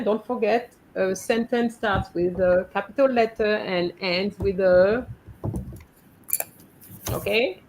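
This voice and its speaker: A woman's voice: mid-range voice, takes it slowly, a little mellow, poor audio. A woman teaching French in a live online class, patiently going through her students' letters and correcting them one by one over a video call.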